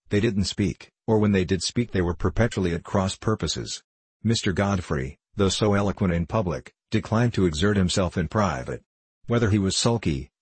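A man narrating a novel in the first person with measured, wry storytelling. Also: low-pitched, breathy edge, dry recording, poor audio. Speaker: audiobook narrator.

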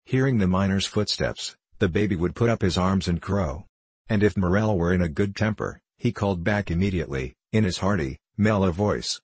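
A man reading a novel aloud as an audiobook narrator, in a steady, measured way. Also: sits low, husky, no room sound.

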